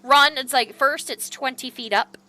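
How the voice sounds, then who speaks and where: A woman narrating a tabletop game as game master, in an animated way with lots of fillers. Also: high-pitched, normal speed, no echo, poor audio.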